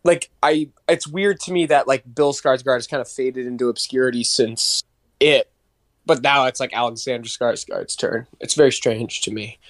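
A man's voice: medium pitch, moderate pace, a bit bright, no room sound. A young man co-hosting a podcast in casual chat, rambling with lots of fillers and swearing. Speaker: podcast co-host.

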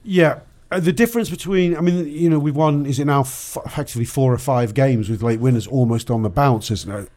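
A man on a football podcast panel recounts his day with animated energy. He chats casually at a middling pitch and breaks into laughter often. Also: brisk, hardly any pauses.

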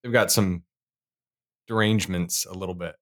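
A male podcast host with a fairly low voice, chatting casually. He rambles a little and laughs at his own jokes. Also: steady tone, normal speed. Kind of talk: casual interview chat.

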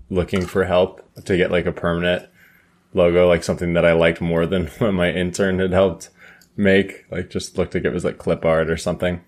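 A young man with a lowish voice hosts a podcast. He talks in a laid-back, joking manner and keeps the chat moving. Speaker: podcast host. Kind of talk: casual chat.

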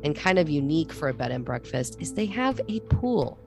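Low-voiced woman, animated storyteller. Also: brisk, gravelly, music in the background. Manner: animated storyteller, acts out quotes. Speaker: podcast co-host. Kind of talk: casual chat.

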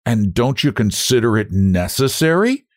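Man doing a slow, stubborn farm lad. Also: mid-range voice, sing-song, a little mellow, no echo, clean studio sound, pitched above the performer's own voice, lightly acted. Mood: uneasy. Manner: broad dialect, blunt teasing.

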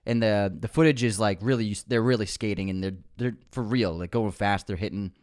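A man's voice: lowish voice, a little fast, a little mellow, no echo. Young man, podcast co-host, gushing, laughs a lot, dry close recording. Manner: gushing, laughs often, exclaims "oh my God". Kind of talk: casual film chat.

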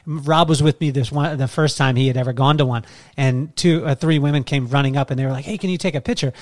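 A middle-aged man hosting an interview, telling a family story in a relaxed way and quoting people as he goes. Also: mid-range voice, a little fast. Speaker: podcast host. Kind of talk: casual interview chat.

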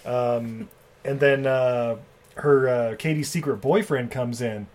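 Man, podcast co-host, casual movie recap, halting, lots of fillers. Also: medium pitch, darkish tone. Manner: rambling, halting with many fillers.

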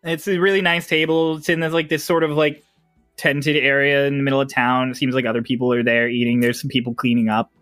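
A man's voice: mid-range voice, flat delivery, fast, fairly bright tone, dry recording, studio quality, soft background music. A man narrating as game master in a casual tabletop session, laughing often and swearing freely.

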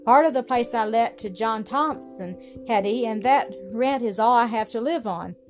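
A woman voicing a poor, gentle elderly spinster who speaks tenderly and with wonder. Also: a little high, normal speed, lightly acted. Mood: puzzled, wistful. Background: music.

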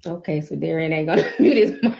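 A woman's voice: low voice, expressive, fast talker, vocal fry. A middle-aged woman hosting a live call-in chat room, teasing, laughing often and calling people honey. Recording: dull lo-fi online audio.

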